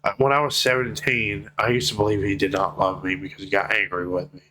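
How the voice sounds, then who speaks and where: A man's voice: fairly low pitch, flat delivery, brisk, crowd noise. A young man speaking to his viewers in a personal vlog update, emotional, heartfelt and casual, with some swearing. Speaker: vlogger.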